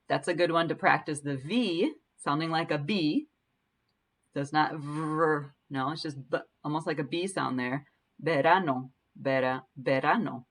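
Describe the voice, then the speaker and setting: A woman teaching Spanish pronunciation in a patient way, slowly repeating each word to demonstrate it. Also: low voice, fairly bright tone. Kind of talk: language lesson.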